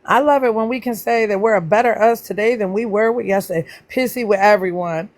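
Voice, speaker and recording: A chatty woman hosts a casual livestream and talks straight to her viewers. She greets people by name in a voice that leaps up high, then drops back down to relaxed, playful teasing. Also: brisk. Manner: pitch jumps up high when greeting people. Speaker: livestream host.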